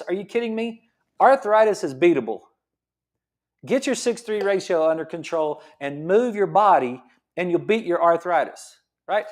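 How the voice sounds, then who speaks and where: A high-voiced man with a drawl talks health like a football coach. He gets worked up and hammers his points home by repeating them. He sounds like a chiropractor rallying his listeners. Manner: excited, repeats himself, uses football coaching comparisons. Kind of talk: fired-up motivational health talk. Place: his gym.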